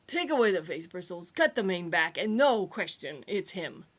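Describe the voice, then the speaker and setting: A woman voicing a gravelly old male space scavenger who talks in a lecturing, know-it-all way. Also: fairly low pitch, very animated, normal speed.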